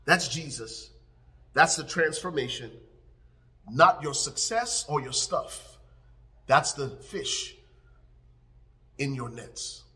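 A man preaching in a high, ringing voice that sits well above most men. His delivery is emphatic and repetitive, building phrases up before sinking into hushed prayer. The tone is bright and forceful throughout. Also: animated, takes it slowly, pauses often. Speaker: pastor. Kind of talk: sermon.

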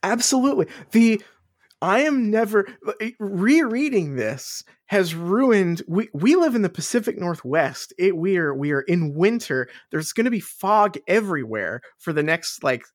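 A woman's voice: medium pitch, sing-song, measured pace, dry recording, studio quality. A woman co-hosting a podcast in casual chat, rambling and laughing, swearing freely. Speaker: podcast co-host.

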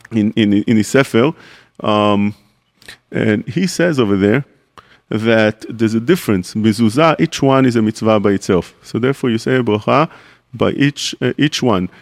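A man's voice: mid-range voice, darkish tone. A man, a rabbi, giving a radio Torah class, explaining step by step, asking questions and answering them, with Hebrew terms mixed into his English.

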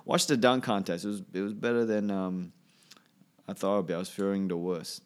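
A low-pitched, clear, and resonant male voice moves briskly with a steady tone. It belongs to a comedian talking alone on his podcast in an offhand, meandering way, repeatedly trailing off and trying again.

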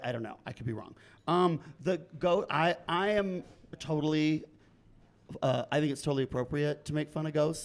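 A man judging a comedian's set, giving playful, teasing notes with quick asides. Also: mid-range voice. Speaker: comedy judge. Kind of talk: lively critique of a comedian.

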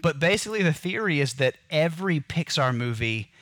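A man co-hosting a podcast in casual chat, telling stories with lively quoted voices. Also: brisk, dry recording. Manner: animated storyteller, breaks into high-pitched quoted voices. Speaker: podcast co-host.

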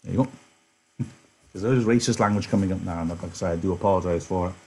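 A man's voice: low-pitched, fast, a little mellow, breathy edge, low-quality recording. A male teacher explaining a novel to a class in a chatty way, with apologetic asides and self-corrections.

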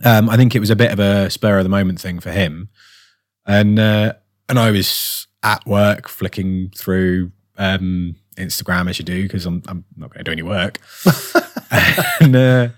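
A man's voice: deep voice, measured pace, no room sound, studio quality. A tired man from England co-hosting a podcast in casual chat, rambling with lots of fillers and restarts. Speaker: podcast co-host.

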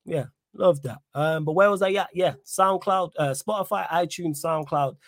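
A young man, chatting on a live-stream podcast with a slightly high voice. He talks in an animated, slangy way and reads the chat aloud. The sound is dry and close to the mic. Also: moderate pace, dry recording. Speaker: podcast host.

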